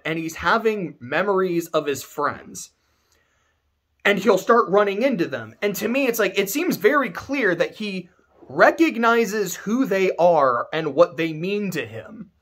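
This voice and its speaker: A man's voice: high-pitched, animated, a little slow, a bit bright. A man giving casual game commentary to camera, emphatic and ranting, swearing freely. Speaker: video creator.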